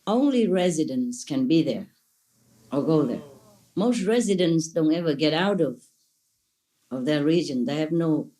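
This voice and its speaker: A woman's voice: low-pitched, animated, unhurried, pauses often, dark tone. Woman, spiritual teacher; playful, gushing, laughs often; imperfect English. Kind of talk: answering questions at a gathering.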